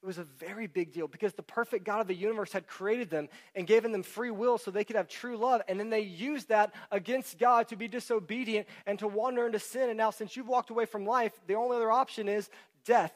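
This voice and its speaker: A man preaching a sermon in a church, speaking into a microphone. He explains things in an animated way and keeps asking the congregation rhetorical questions. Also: high-pitched, a little fast. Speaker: pastor. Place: church hall with sound system. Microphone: handheld or stand microphone.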